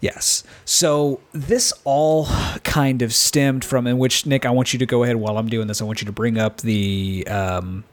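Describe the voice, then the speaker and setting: A man co-hosting a podcast, his voice at an ordinary male pitch. He speaks earnestly in casual chat, pausing often and restarting his sentences as he works through his thoughts. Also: fairly even intonation. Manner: earnest, hesitant, many fillers and restarts. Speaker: podcast co-host.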